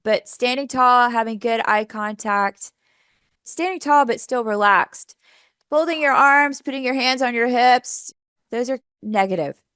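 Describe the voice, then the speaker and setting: A woman's voice: on the high side, measured pace, fairly bright tone, smooth, no echo, studio quality. Upbeat woman coaching a workshop. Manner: upbeat, coaching, asks the audience questions. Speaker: teacher trainer. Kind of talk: workshop presentation.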